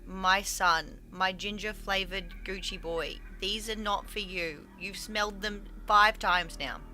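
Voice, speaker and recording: A woman's voice: medium pitch, fairly even intonation, slow, sharp tone. A woman streaming games, chatting playfully, cooing at her cat and reading game text aloud with drama. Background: faint stream music.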